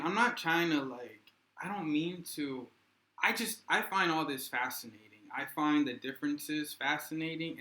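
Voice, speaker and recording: A man's voice: on the high side, bright, forceful tone. A young man rambling in casual vlog commentary. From United States. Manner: rambling, loose and conversational. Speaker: vlogger. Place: indoors in Russia. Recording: echoey room.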